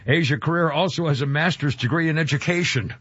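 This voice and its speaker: A male radio talk host rambles and jokes, stumbling through hesitations and restarts. His voice sits at an ordinary pitch. It comes across dry and a little dull, like lo-fi broadcast audio. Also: fast talker, a bit bright, slightly rough, dry recording. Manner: rambling, full of filler and restarts, jokey. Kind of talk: casual radio chat.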